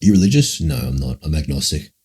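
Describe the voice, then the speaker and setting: Dude with a super low husky voice rambling thru chat questions on stream, swears a lot. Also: male voice, sing-song, fast, dark tone. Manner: rambling, musing, frequent swearing. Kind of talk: casual livestream Q&A.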